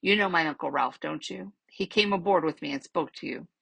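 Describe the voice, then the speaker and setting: A woman's voice: sits low, a little fast, vocal fry, a bit bright, breathy edge, no room sound, exaggerated voice. A woman reading the part of a polite, proud teenage boy in a storybook, speaking eagerly and respectfully.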